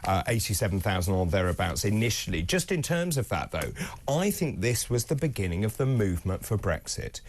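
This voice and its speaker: A man's voice: on the low side, big pitch swings, a little fast. A man presenting a talk radio show, greeting listeners, reading out their messages and putting questions to the audience. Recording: broadcast studio.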